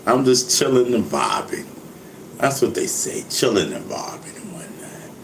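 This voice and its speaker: In an echoing room with a faint background hum, a man with a creaky, very animated mid-range voice speaks unhurriedly. The rapper and vlogger delivers a casual, joking monologue, laughing a lot and asking "you know what I mean" almost every sentence, all in a laid-back manner.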